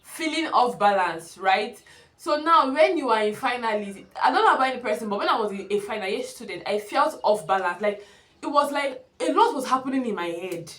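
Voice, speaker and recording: A woman's voice: on the high side, expressive, a little fast, fairly bright tone. Earnest young woman vlogging. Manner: earnest, emphatic, addresses viewers directly. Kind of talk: casual advice talk to camera. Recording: echoey room.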